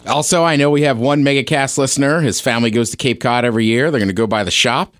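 A man's voice: medium pitch, fast talker, loud music behind the voice. A man co-hosting a podcast in casual chat, telling stories and acting out quotes. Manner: animated storyteller, acts out quotes. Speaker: podcast co-host.

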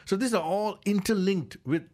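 This high-pitched, slightly mellow male voice belongs to a regular co-presenter on a radio car show. Speaking at a normal pace, he shares his views from the studio in loose, rambling chat full of "you know" fillers.

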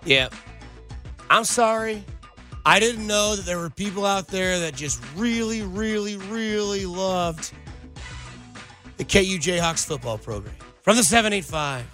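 A man's voice: sits high, lively intonation, measured pace, pauses often, sharp tone, soft background music. A man hosting sports talk radio, sarcastic and ranting as he answers listener texts. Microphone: studio microphone.

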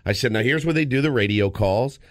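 A man co-hosting a sports radio show, telling a story in a lively, casual way with frequent restarts, in a studio. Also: mid-range voice, brisk, no room sound. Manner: animated storyteller, lots of restarts.

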